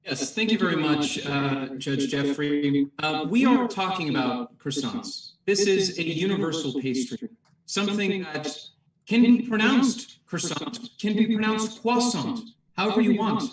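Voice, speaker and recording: A man's voice: a little high, animated, unhurried. A man doing improv comedy as a mock counselor, delivering a grandiose, mock-formal argument. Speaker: improv performer arguing for croissants. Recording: echoey room, far from mic.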